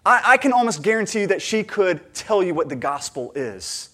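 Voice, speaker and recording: An earnest male pastor preaching with a slightly higher voice. He talks conversationally with fillers and restarts, then presses toward emphatic, louder stretches. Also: sing-song, moderate pace. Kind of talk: sermon.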